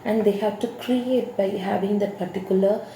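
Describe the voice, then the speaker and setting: A woman lecturing students on pronunciation teaching, explaining slowly and repeating key terms. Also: mid-range voice, fairly even intonation, warm tone. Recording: echoey room with faint hiss.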